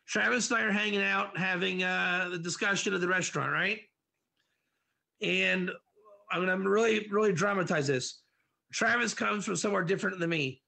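A man teaching a class on Proverbs, animated and dramatizing his examples as he answers students by name. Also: sits high, normal speed, vocal fry. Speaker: Torah teacher.

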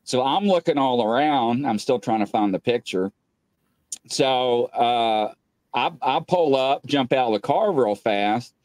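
A middle-aged man tells a story in a loose, rambling way, filling the pauses with "uh" and acting out each quoted line with a sharp leap up in pitch. His voice sits at an ordinary male pitch and sounds dry, with no room echo. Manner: animated, jumps up in pitch when acting out quoted speech; loose and rambling with many filler "uh"s. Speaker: guest, police captain. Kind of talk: casual storytelling.

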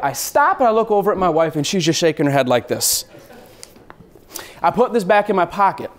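Animated man telling a travel story. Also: high voice, fairly quick. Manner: lively, acts out scenes, mixes in swearing.

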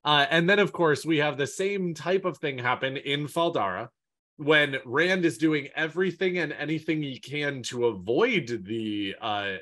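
A man co-hosting a casual fan podcast, retelling scenes with mock quotes and crude jokes. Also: fairly high pitch. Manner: lively storyteller, mock quotes, profane humor. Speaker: podcast co-host.

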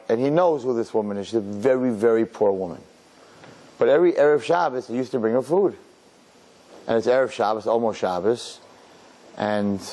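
A middle-aged man preaching as a rabbi, spinning a long story and slipping into the voices of its characters. His voice sits at a middle pitch, with Yiddish and Hebrew words scattered through his speech. A faint hiss sits under the recording. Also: mellow. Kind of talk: storytelling sermon.

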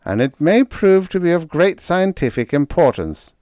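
A man's voice: on the high side, big pitch swings, moderate pace, a little mellow, no echo, studio quality, voice pushed up. A man doing a jittery, formal male scientist. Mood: solemn. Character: fussy, nervous male scientist doctor.

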